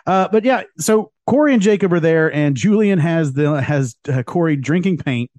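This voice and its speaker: Guy hosting a jokey podcast, bit high voice, dry close mic, laughs a lot. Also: lively intonation, normal speed, a little mellow, no echo. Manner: laughs often, joking, filler-heavy. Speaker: podcast host. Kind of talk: casual comedic podcast chat.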